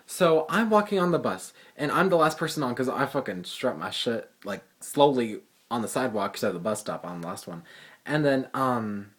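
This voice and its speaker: A teenage boy telling a story to his phone camera in a fast, profane, sassy ramble full of fillers. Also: medium pitch, very animated. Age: teens. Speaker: vlogger. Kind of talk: casual storytelling vlog.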